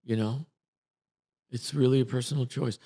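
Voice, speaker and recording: A man's voice: medium pitch, fairly even intonation, normal speed, dark tone. A man, an acting coach chatting on a podcast in a teasing, rambling way with many restarts. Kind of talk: casual chat.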